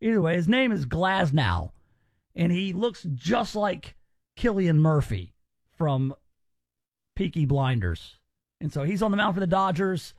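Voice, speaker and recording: A man's voice: high-pitched, sing-song, a little slow, pauses often, no echo. A male radio talk show host giving emphatic, opinionated commentary in a chatty way.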